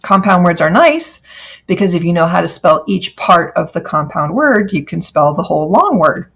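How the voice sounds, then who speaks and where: A middle-aged woman teacher giving a recorded phonics lecture, slowly stretching out example words. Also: lowish voice, very animated, fairly bright tone, dull audio.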